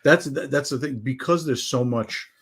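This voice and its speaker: A man's voice: mid-range voice, moderate pace, fairly bright tone, breathy edge. A man from Appalachia co-hosting a casual podcast, chatting eagerly with many fillers. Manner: enthusiastic, chatty, trailing off with fillers. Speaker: co-host.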